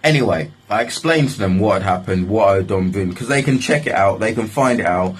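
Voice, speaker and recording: A young man spins a casual story, full of swearing and filler phrases. His voice sits on the low side and has a husky, breathy grain. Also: lively intonation, fairly quick, poor audio. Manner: swearing, rambling, repeats "like, literally". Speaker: vlogger telling a story.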